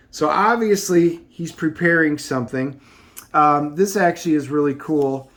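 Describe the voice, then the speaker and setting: Man reviewer, slightly high voice, loose rambling comic recap full of fillers. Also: a little slow, a bit bright. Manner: rambling, filler-heavy summarizing. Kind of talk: casual plot recap.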